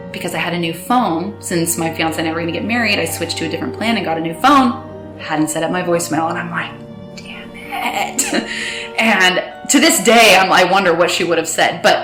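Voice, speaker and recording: A woman recounting a personal story with emotion, halting and restarting, quoting others in quick bursts. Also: lowish voice, reverberant. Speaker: guest telling her story.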